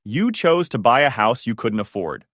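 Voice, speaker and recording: A man voicing a stern older grandfather who speaks in a measured, cutting, formal way, in a storybook reading. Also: mid-range voice, very animated, a bit bright, no room sound, studio quality. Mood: accusing.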